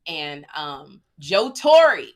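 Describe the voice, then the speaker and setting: A woman co-hosting a podcast, telling a comedy story in casual chat, self-mocking and prone to tangents and quick asides. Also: low-pitched, very animated. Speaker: podcast co-host.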